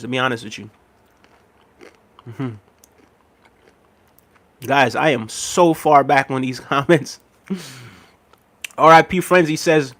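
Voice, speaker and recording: This American livestream host keeps things casual, voicing viewer comments and laughing frequently as he replies. He has a medium-pitched, slightly bright voice.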